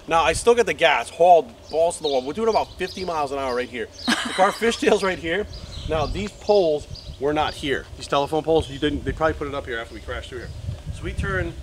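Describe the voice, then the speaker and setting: Animated man telling a story outdoors. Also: fairly high pitch, brisk, background noise. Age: 40s. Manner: animated, swears freely. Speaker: vlogger. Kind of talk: casual storytelling vlog. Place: outdoors by a road.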